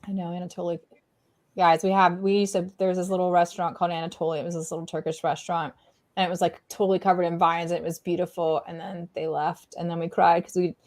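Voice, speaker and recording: A woman's voice: on the low side, flat delivery, fast, a little mellow. Casual bubbly woman co-host, playful voices for pets. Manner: bubbly, playfully acts out pets' thoughts in voices. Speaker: co-host of a pet healing livestream. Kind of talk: casual chat.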